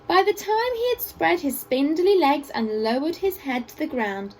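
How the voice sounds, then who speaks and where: Expressive woman reading a storybook. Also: high voice, moderate pace, slight background noise, poor audio. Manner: expressive storytelling with playful asides to children. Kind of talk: reading a picture book aloud to children. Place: school assembly hall.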